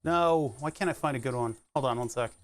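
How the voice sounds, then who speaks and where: A man's voice: medium pitch, a little fast. A man streaming live, chatting casually and thinking aloud as he pedals an exercise bike, laughing often. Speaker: Twitch streamer.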